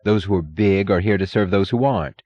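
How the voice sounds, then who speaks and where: A man's voice: low-pitched, fairly quick, darkish tone. A man reading an audiobook, voicing a smug middle-aged bureaucrat who preaches in an oily, sanctimonious manner. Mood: preachy.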